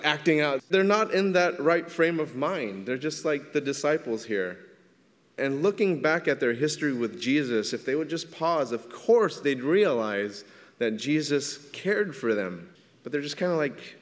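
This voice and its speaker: A man preaching a sermon in a casual, conversational way, often checking in with his listeners. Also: mid-range voice. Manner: conversational preaching, frequent "right?" asides. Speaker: pastor. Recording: long reverb of a large hall.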